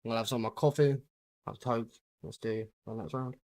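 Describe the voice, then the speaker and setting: A young British man chatting casually with his viewers while playing a game on a livestream, relaxed and easygoing as he greets viewers and answers their questions. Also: medium pitch, a little fast, dry recording. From United Kingdom. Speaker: gaming livestreamer.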